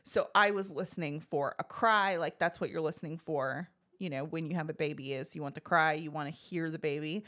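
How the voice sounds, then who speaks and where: A woman's voice: low voice, a little fast, few pauses. A woman co-hosting a podcast, chatting casually as she tells a personal story and acts out what others said. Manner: chatty, animated, acts out quoted voices. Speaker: podcast co-host telling her birth story.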